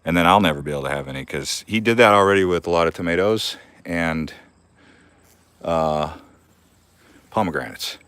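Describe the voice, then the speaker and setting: A man's voice: sits low, moderate pace, pauses often, fairly bright tone, clear, resonant tone, no echo. A young man hosting a casual live-stream Q&A from his backyard garden, rambling and laughing often. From Arizona.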